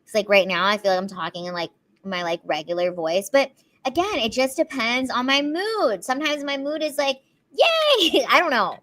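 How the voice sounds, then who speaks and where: A bubbly young woman chatting on a casual live stream, her pitch swinging between a high, girlish register and a lower serious tone. Her voice is bright and lively, with a higher-than-usual pitch. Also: brisk. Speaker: comedian co-host.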